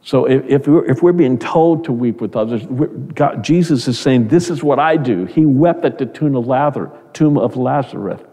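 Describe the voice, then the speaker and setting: A man's voice: mid-range voice, moderate pace, few pauses, warm tone. Earnest male preacher in a reverberant hall. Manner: earnest, conversational, repeats words. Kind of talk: sermon.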